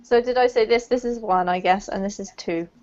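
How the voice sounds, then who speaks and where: Over dull, lo-fi video call audio, a woman with a mid-range, slightly mellow voice teaches English pronunciation in an online class. She speaks briskly yet patiently and encouragingly, explaining sounds with careful emphasis.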